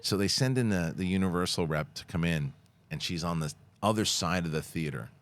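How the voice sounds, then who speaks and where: A man hosting a podcast, telling stories in an animated way and laughing often. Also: low-pitched, fairly quick. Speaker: podcast host. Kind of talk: casual chat and sponsor read.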